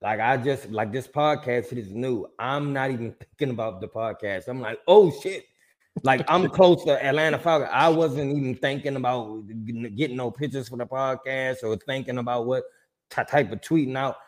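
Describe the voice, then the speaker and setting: A man's voice: mid-range voice, normal speed. A man co-hosting a casual podcast chat, telling stories with lots of swearing and acted-out quotes. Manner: animated storyteller, swears freely, acts out quotes. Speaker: podcast co-host.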